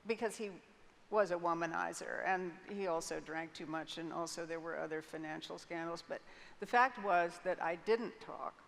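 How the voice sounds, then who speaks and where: A woman's voice: fairly low pitch, normal speed, gravelly. An older woman telling a personal story candidly as an interview guest on a conference stage, frank and vivid, with hesitant restarts. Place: large conference hall stage. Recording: long hall reverb, faint noise.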